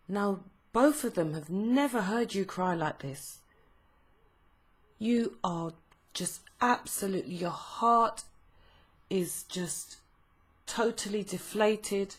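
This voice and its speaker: A woman giving a tarot reading, told as a slow, emotive second-person story with frequent pauses. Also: on the low side, lively intonation, husky. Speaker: tarot reader.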